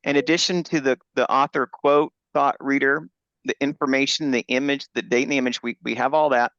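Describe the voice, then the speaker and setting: A man's voice: mid-range voice, fairly even intonation, brisk, a bit bright, no echo. A man hosting a book launch on a video call, talking enthusiastically with fillers and restarts. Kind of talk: Zoom presentation. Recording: dull lo-fi video call audio.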